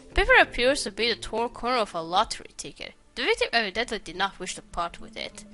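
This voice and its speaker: A woman's voice: fairly high pitch, sing-song, fast, sharp tone, soft background music. A woman voicing an eccentric, pedantic male medical examiner in a detective game, reading his lines aloud. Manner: read aloud from on-screen text.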